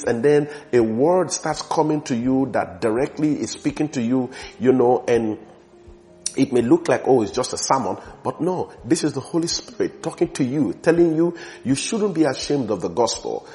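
A man preaching a sermon in a church, emphatic, his voice swelling loud on key phrases and sinking low at the ends of others. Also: moderate pace.

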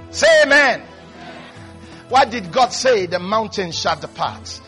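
A man preaching a sermon, swinging between quiet asides and high, excited shouts.

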